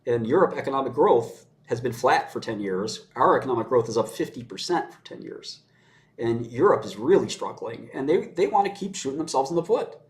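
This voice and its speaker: A man's voice: mid-range voice, expressive, brisk. A man giving his views in casual conversation, blunt and sardonic, often laughing as he mocks. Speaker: commentator. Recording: roomy echo.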